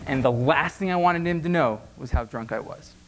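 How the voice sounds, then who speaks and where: Young male speaker, playful comic storytelling, high lively voice, faint hiss. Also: normal speed. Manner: animated, playful, acts out scenes. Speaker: speech contestant. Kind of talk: humorous speech. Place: conference hall.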